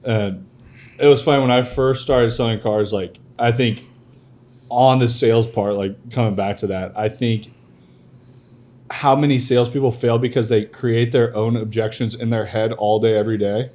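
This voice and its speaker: A man's voice: medium pitch, moderate pace. A young adult man hosting a podcast, telling stories in casual chat and laughing often. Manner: storytelling, laughs often, animated. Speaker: podcast host.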